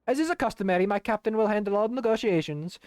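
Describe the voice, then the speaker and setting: A man's voice: lively intonation, quick pace, darkish tone, no room sound. A man voicing a vain, showy male rogue merchant in a put-on Italian accent while playing a video game. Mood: grandiose. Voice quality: high theatrical flourish.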